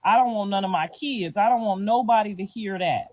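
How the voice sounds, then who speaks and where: A woman's voice: mid-range voice, a little fast, muffled recording, a little hiss or hum. Slangy, casual middle-aged woman. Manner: loose, slangy talk with frequent "you feel me" and soft laughs. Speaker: interviewee. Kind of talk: casual street interview.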